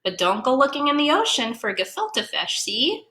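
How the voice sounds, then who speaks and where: A woman museum educator reading a children's story aloud, playful and animated, explaining words as she goes. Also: on the high side, normal speed. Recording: echoey room.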